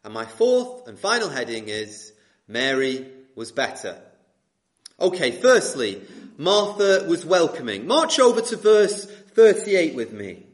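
Young guy preaching in a church hall, kinda high voice, swoops up and down a lot, asks the room questions. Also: unhurried. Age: 20s. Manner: lively, asks rhetorical questions, repeats phrases. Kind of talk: sermon.

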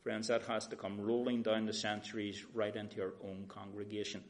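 A man's voice: lowish voice, little pitch movement, brisk. A man preaching a sermon in an earnest manner, addressing his listeners directly as friends.

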